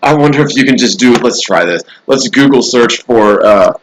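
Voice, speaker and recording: A man's voice: mid-range voice, animated, normal speed, background noise. A man hosting a casual live stream from a hotel room, rambling through the news with sarcastic asides. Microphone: laptop mic.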